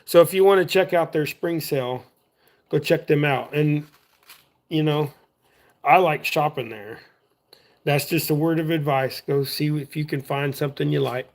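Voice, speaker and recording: A man's voice: on the high side, moderate pace. A man, chatting loosely on a livestream while he works with his hands. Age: adult. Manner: chatty, drawling, easygoing, talks while working with his hands. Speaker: livestream host. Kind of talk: casual rambling livestream chat.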